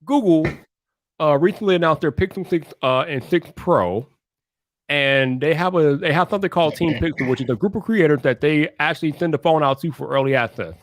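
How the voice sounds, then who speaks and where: A man's voice: fairly high pitch, expressive, brisk, no room sound, studio quality. A man co-hosting a livestream, talking in a laid-back, slangy way to the audience. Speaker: livestream co-host. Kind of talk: casual livestream chat.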